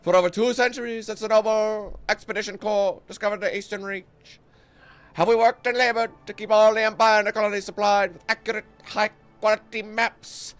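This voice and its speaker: A man's voice: sits high, fairly even intonation, fairly quick, a bit bright, smooth, voice pushed up. Man doing a pompous guild herald. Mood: grandiose. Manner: grandiose, announcer-like. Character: pompous male guild herald reading a proclamation.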